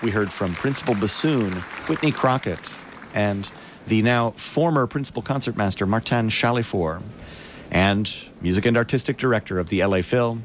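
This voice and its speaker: A man hosting a classical music radio broadcast, introducing a concert in a measured storytelling manner with dramatic pauses. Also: on the low side, a faint crowd, a little hiss or hum. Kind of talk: scripted radio narration.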